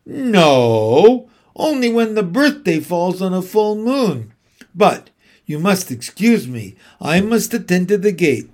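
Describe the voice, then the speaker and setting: A polite zoo bear from a children's storybook, matter-of-fact and gently scolding, with a lively, up-and-down voice, read by a man. He takes his time over every word. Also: high-pitched, slow pace, exaggerated voice. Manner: mildly reproachful, matter-of-fact. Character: polite, dry-witted male zoo bear.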